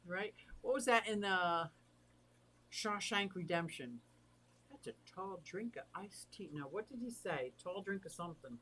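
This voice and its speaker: A chatty livestream host who reads viewer comments aloud and answers them, easily excited and warm. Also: mid-range voice, a little slow, slight background noise. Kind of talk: casual livestream chat.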